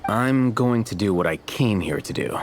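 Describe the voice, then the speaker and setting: A man voicing an aloof young scholar in a video game, curt and deadpan. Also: on the low side, normal speed, background noise, natural voice. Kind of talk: game voice acting.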